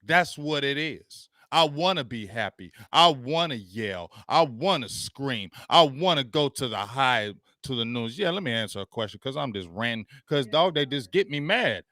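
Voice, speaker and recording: Man, sports show host, ranting, slangy, bright crisp tone, dry recording. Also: mid-range voice, moderate pace, few pauses, dry recording. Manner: animated, slangy, reading viewer comments aloud.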